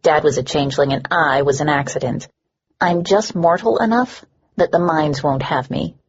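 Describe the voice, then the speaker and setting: Sarcastic resentful changeling woman as a female narrator reads her, curt, husky low voice, dull lo-fi audiobook. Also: normal speed. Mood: bitter. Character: bitter sarcastic changeling woman mine worker. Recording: dull lo-fi recording.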